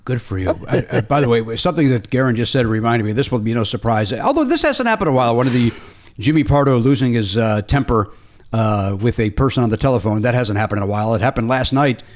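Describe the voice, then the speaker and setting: A man's voice: medium pitch, fast talker. A man hosting a podcast, chatting casually and telling a story with plenty of swearing and acted-out back-and-forth. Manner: animated, swears casually, acts out quoted dialogue. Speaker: podcast host.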